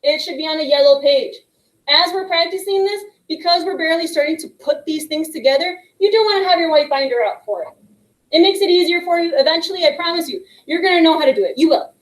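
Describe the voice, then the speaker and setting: A woman teaching young students a phonics lesson, patient and encouraging, slowly sounding out letter blends. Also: very high voice, roomy sound, poor audio. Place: classroom with a whiteboard. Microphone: microphone picked up partway.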